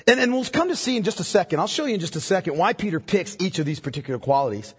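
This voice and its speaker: A man preaches a sermon in an emphatic way, often stopping to ask the congregation whether they are following. His voice is husky and sits a little high, and his pitch rises and falls a great deal. The sound carries the long reverb of a large church hall. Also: big pitch swings, rapid-fire, hardly any pauses. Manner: emphatic, asks the congregation questions. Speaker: pastor.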